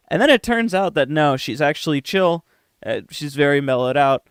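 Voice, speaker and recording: A man's voice: on the high side, lively intonation, normal speed, clear, resonant tone, dry recording, clean studio sound. A young man streaming a game live, joking and swearing as he chats with his viewers at a desk microphone. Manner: profane, joking, talks to chat. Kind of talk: casual live-stream chat.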